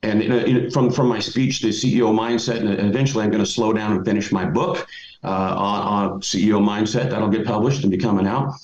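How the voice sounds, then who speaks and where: A man's voice: lowish voice, fairly even intonation, fairly quick, a little mellow, a little hiss or hum. A middle-aged man giving motivational advice as a podcast guest, emphatic and folksy. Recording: roomy, dull lo-fi audio.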